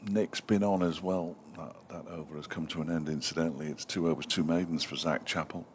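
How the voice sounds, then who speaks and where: A man's voice: a bass voice, fairly even intonation, brisk, a little hiss or hum. A man doing live cricket commentary, chatty and self-mocking, reading out messages from listeners between the balls. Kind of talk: live sports commentary with banter.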